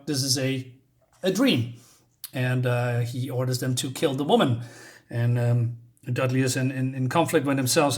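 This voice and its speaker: A man talks his audience through a comic book in a casual review. His voice sits at a middling pitch, and he rambles along with plenty of ums, uhs and self-corrections.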